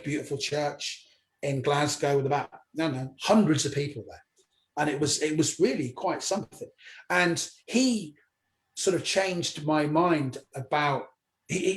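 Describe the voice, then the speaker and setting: Male comic, guest on an interview, slightly high voice, lively storyteller who voices other people in his anecdotes. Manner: lively retelling, acts out others' lines. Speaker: stand-up comedian, interview guest.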